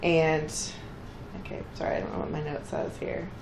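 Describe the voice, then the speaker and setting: Woman, podcast co-host, low-ish voice, echoey room, faint hiss. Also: level tone, normal speed. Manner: chatty, acts out characters' lines with bursts of pitch. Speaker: podcast co-host recapping an episode. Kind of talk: casual chat.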